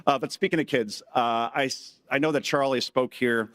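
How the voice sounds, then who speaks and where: A man's voice: mid-range voice, normal speed, a bit bright. A middle-aged man giving a live speech at a conference, telling jokey stories and acting out quotes in changing voices. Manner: joking storyteller who acts out quotes in shifting voices. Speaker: conference speaker. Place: conference hall stage.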